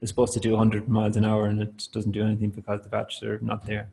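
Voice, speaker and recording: A man presenting a software tool in a webinar, talking loosely with many fillers and restarts. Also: fairly low pitch, monotone, fast, gravelly, low-quality recording. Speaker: product presenter. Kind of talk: webinar talk.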